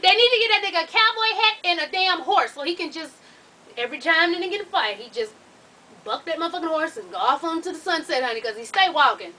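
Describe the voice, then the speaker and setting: In this low-quality casual chat, a woman with a high, bright, sharp voice gives a blunt, profane reality show recap packed with sassy asides, calling her viewers "y'all" and "honey." She speaks expressively at a quick pace, sitting far from the mic, with a little hiss or hum in the background.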